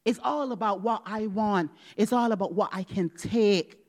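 A woman preaching a personal testimony, dramatic, moving from loud exclamations to hushed whispers and acting out dialogue. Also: medium pitch, a little slow. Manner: acts out quoted dialogue with God.

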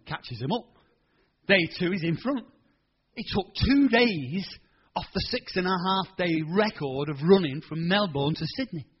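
A man in his sixties preaching a sermon, telling stories in an animated, colloquial way. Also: sits high, unhurried, breathy edge, muffled recording. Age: 60s. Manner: animated, colloquial storytelling with quoted voices. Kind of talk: storytelling sermon.

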